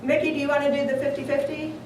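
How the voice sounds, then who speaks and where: Woman contest host, high voice, far off in a big echoey hall with a noisy crowd. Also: little pitch movement, racing. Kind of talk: speaking at a club event. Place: meeting hall.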